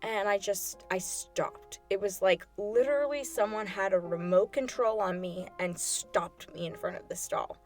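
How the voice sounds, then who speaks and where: A woman tells a personal story as a podcast host, talking casually with many fillers and acted-out quotes. Her voice sits at a middle pitch. Faint music plays quietly underneath. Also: measured pace, hardly any pauses.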